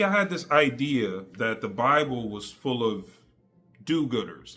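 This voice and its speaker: Speaking directly to his audience, a man shares his faith testimony in a slangy, casual way. His medium-pitched voice is a bit bright, and as a faith vlogger he sounds emphatic yet conversational.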